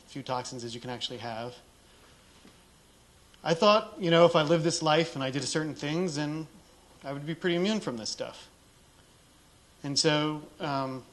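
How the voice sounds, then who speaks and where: A man's voice: mid-range voice, fairly bright tone. A middle-aged man speaking on a conference stage, telling a candid personal story in a casual way and acting out the dialogue he quotes.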